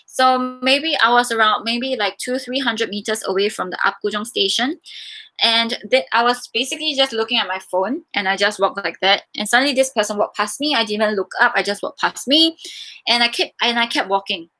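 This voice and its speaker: A woman's voice: fairly high pitch, fairly quick. A young woman from Singapore answering viewer questions in a casual, chatty way, telling stories with lots of fillers. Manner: chatty, animated storytelling with many fillers. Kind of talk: casual live Q&A chat.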